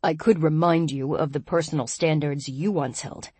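A woman's voice: low voice, husky, no room sound. A woman narrator voicing a composed male guild leader who speaks coolly and evenly, heard over a phone call. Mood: coolly stern. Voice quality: calm, cool, measured. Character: calm, deep-voiced male guild leader.

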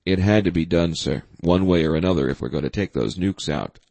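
A man's voice: sits low, fairly quick, creaky, a little mellow, no room sound. A man doing an urgent, clipped adviser. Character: urgent, sharp male presidential adviser.

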